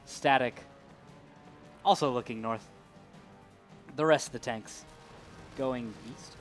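A man's voice: medium pitch, slow, faint music behind. A man doing color commentary on an esports match, goofy and jokey, with dry asides. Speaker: esports co-caster.

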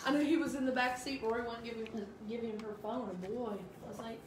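A woman's voice: fairly high pitch, fairly quick. A woman in a study group joining the discussion, chatty and laughing while she talks. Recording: roomy, noisy, from across the room.

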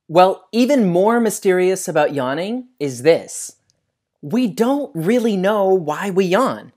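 A man presents a science lesson for children, speaking outdoors with a lively, widely swinging pitch. He keeps the tone animated and often turns questions back to the viewer. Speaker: science educator host. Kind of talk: educational video lesson for kids. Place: outdoors by trees.

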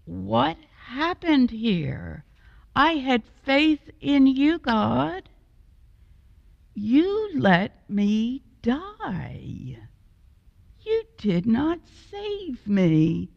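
A woman's voice: mid-range voice, sing-song, extremely slow, creaky, bright, forceful tone, full character voice. A woman voicing a stubborn, self-righteous man who insists on his faith in a lofty tone. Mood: aggrieved. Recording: dull, lo-fi and dry.

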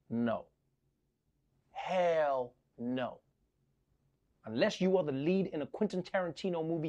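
A man's voice: fairly high pitch, a little mellow. A man hosting a comedic late-night segment, wry and playfully flustered, stammering in the banter. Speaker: host.

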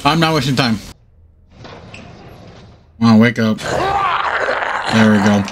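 A man's voice: medium pitch, wildly swooping pitch, takes it slowly, heavy background noise. A man hosting a horror game let's-play, swearing a lot and yelping and laughing when startled. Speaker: gaming channel host. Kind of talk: live let's-play commentary.

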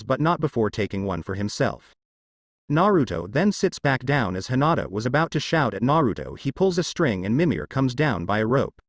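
Man reading fan fiction with lively pitch. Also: no echo. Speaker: narrator.

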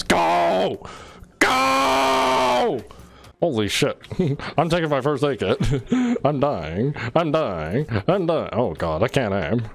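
A man streaming a game, ranting and swearing in exasperated, repetitive bursts. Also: fairly high pitch. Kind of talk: frustrated gameplay commentary. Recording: faint music behind.

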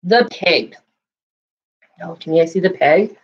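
Woman, children's storyteller, slow and animated, slight cough, dull lo-fi sound. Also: fairly low pitch. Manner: animated, asks young listeners questions. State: coughing now and then. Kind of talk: reading picture books aloud to children.

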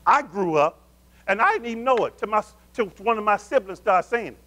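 Man, pastor, sermon, high voice, call-and-response, loud then hushed. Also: lively intonation, a little fast. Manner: call-and-response preaching, asking the congregation questions; swings between loud emphatic calls and low murmurs.

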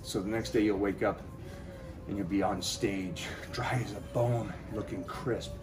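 A man's voice: lowish voice, fairly even intonation, a little slow. A man talking to his viewers in a motivational vlog while doing cardio, out of breath and rallying them to push on. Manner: pep-talk, addresses viewers directly. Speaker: fitness vlogger.

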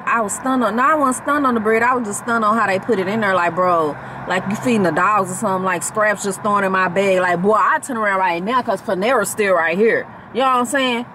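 A woman's voice: mid-range voice, fast talker, few pauses, noisy background. A woman with a Southern country accent chatting bluntly and jokingly in a casual vlog from a parked car, eating while she talks. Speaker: vlogger.

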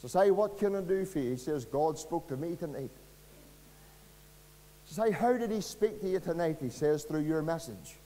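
Earnest Northern Irish preacher, high voice. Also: male voice, expressive, moderate pace. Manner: earnest, pleading, dramatic swings from loud to hushed. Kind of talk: evangelistic sermon. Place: church. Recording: long reverb of a church hall.

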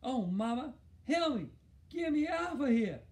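Frantic crying kid, squeaky high wails for help, storybook. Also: male voice, sing-song, measured pace, exaggerated voice. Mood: pleading. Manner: high wailing pleas. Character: panicked crying young boy with lips frozen.

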